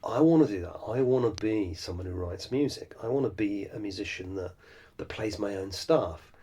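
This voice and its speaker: A man's voice: lowish voice, moderate pace, mellow, husky. A middle-aged man hosting a solo podcast, musing in a rambling, self-deprecating way with lots of fillers and restarts. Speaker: podcast host and songwriter. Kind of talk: reflective solo podcast monologue.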